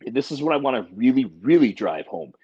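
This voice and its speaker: A man in his forties talks in a casual podcast chat, blunt and emphatic, swearing freely. His voice is husky and a little breathy. The recording sounds dull and lo-fi. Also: medium pitch, sing-song, fast talker, warm tone. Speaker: podcast co-host.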